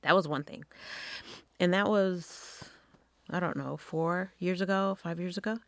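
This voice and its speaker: A middle-aged woman hosting a podcast, telling a personal story in a frank, profane, conversational way with quick asides. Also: fairly low pitch, no room sound. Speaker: podcast host.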